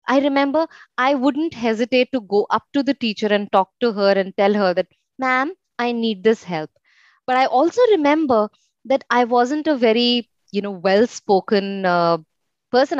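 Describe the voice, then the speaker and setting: A young woman from India, a guest in a casual conversational interview, tells her story reflectively with frequent fillers. Her voice is a little high. The recording is dry and slightly muffled, with no echo.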